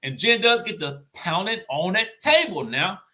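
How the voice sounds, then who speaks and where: A chatty man giving a casual commentary recap of a reality show. His voice is bright, a little high, and swings lively up and down. He keeps checking in with the listener as he talks. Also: normal speed. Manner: chatty and animated, tags lines with "okay?" and "you know what I'm saying?".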